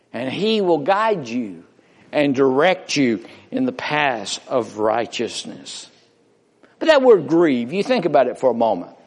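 A man preaching a sermon with slow, emphatic rises and falls. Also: medium pitch, in a large hall. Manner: slow, emphatic preaching with rising and falling delivery. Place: church.

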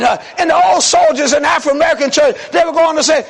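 A male pastor preaching a sermon in a church, shouting in repeated call-and-response phrases. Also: extremely high pitch, fairly even intonation, quick pace, vocal fry, few pauses, a faint crowd.

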